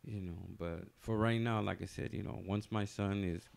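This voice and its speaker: A man's voice: fairly low pitch, steady tone, moderate pace, vocal fry, darkish tone. A man telling a long personal story on a casual podcast, rambling loosely with many fillers and restarts.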